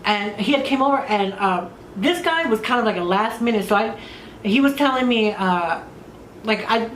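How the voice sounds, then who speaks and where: A woman telling frank stories in casual chat as a podcast host, crude, profane and animated. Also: on the high side, normal speed. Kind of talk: candid casual storytelling. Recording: roomy room with faint noise.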